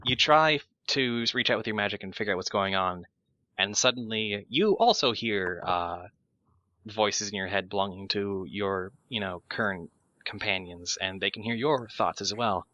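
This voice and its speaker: A man running a tabletop game as game master, describing scenes haltingly with many pauses and fillers. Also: lowish voice, bright, forceful tone, dry recording, lo-fi sound.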